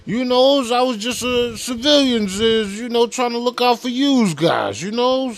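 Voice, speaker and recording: A man's voice: very high voice, expressive, unhurried, a little hiss or hum, voice pushed up, full character voice. A man putting on the voice of an evasive older male official, whiny and pleading, acting falsely innocent. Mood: feigned innocence.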